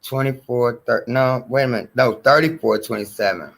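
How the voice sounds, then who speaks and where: A man with a bright, forceful voice hosts a casual commentary stream. He talks chattily to his viewers and throws in excited exclamations, with a lilt. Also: medium pitch, normal speed, vocal fry. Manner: chatty, keeps addressing "y'all", animated exclamations. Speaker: commentary show host. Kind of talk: casual commentary, reacting to clips.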